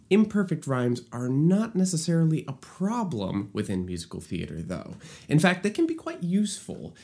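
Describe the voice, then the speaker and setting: A man's voice: mid-range voice, mellow. A man explaining lyric writing for musical theater in an enthusiastic, playful teaching style. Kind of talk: explanatory video lesson.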